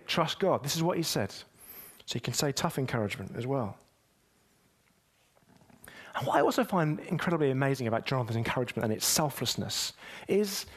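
A man preaching a sermon, speaking straight to the congregation and building to emphatic peaks. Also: breathy edge. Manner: emphatic, with wide swings in pitch and loudness.

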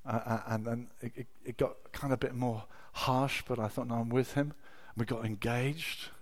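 A middle-aged man preaching a sermon, telling personal stories with emotion, dropping to a hush and then rising to loud exclamations. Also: medium pitch, fairly even intonation, moderate pace. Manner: emotional, swings from hushed storytelling to loud exclamation.

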